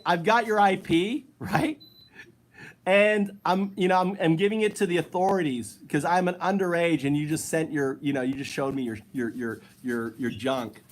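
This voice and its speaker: A man hosting a casual live stream, chatting with strangers in a playful, teasing way and laughing often. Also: sits high.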